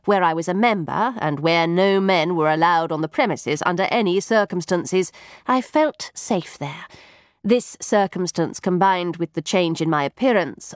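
A woman's voice: on the low side, no room sound, studio quality. A woman narrating a first-person story in a prim, wry and arch manner. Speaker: audiobook narrator.

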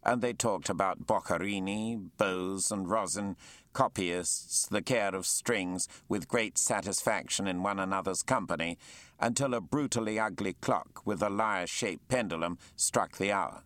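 A man reading a novel aloud as narrator, measured and expressive. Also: sits low, no room sound. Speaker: audiobook narrator. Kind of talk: scripted narration.

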